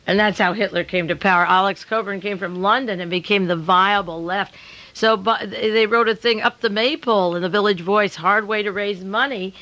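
An older woman hosting a radio talk show during a fundraiser, talking in long, rambling, emphatic runs and slowing down to hammer her points home. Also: mid-range voice, a bit bright, poor audio. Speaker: radio host.

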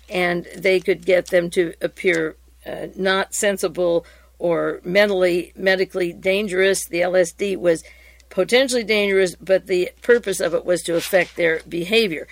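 A woman reading congressional hearing transcripts aloud in a steady, even voice. She then moves into her own commentary, with fillers and restarts. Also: lowish voice, dry recording.

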